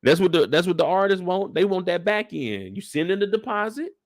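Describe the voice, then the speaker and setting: A man hosting a casual live recap of a series, talking in an animated, slangy, playful way. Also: high voice, brisk, no room sound, clean studio sound. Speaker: show host recapping a series.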